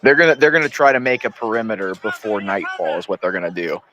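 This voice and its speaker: A man's voice: lowish voice, expressive, quick pace, pushed and bright, a little hiss or hum, poor audio. A man co-hosting a live stream, talking casually and arguing his points emphatically, often saying "dude". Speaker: livestream co-host.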